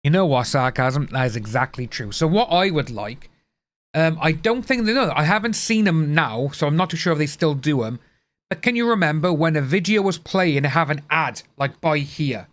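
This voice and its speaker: A man's voice: on the high side, animated, moderate pace, fairly bright tone. A man chatting casually to his livestream viewers, blunt and ranting, swearing freely. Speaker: livestream host.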